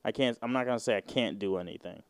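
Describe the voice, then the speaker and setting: A man's voice: fairly low pitch, fast, no room sound. A man in his twenties hosting a solo podcast, rambling and joking with plenty of profanity. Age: 20s. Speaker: podcast host. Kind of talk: casual solo podcast rant.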